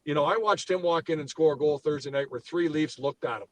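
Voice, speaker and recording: A man's voice: a little high, quick pace, dry recording, rough recording. A man co-hosting a sports podcast, ranting heatedly and swearing as he gets worked up. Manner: fired up, swears freely, ranting. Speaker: podcast co-host.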